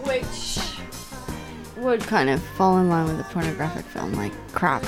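A woman's voice: on the low side, sing-song, moderate pace, over music. A woman co-hosting a casual podcast, hesitant and playful, rambling through her points. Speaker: podcast co-host. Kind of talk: casual chat. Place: indoors, home with friends.

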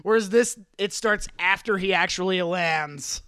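A man recaps the plot of a film with wry, sarcastic asides. His voice is notably high for a man. The sound is dry and close to the mic. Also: unhurried, pushed and bright, clear, resonant tone, no room sound. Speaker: podcast co-host. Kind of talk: casual movie recap.

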